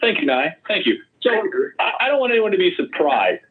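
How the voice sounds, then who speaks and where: A man running as a political candidate, talking loud and rambling and mocking his opponents in a heated online debate. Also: high voice, very animated, brisk. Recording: tinny call audio.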